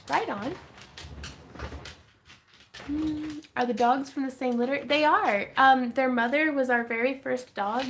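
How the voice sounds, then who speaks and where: A woman's voice: fairly high pitch, takes it slowly, vocal fry, pauses often, background noise. A young woman hosting a casual craft livestream, reading viewer comments and chatting with giggles and fillers. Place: home craft room.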